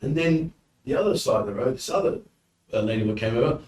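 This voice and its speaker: A man's voice: medium pitch, fairly quick, distant mic. A man from the UK with a British accent, telling anecdotes as a podcast guest and acting out quotes. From United Kingdom. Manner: animated anecdotes with acted quotes. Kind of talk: casual storytelling. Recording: roomy, from off mic, faint noise.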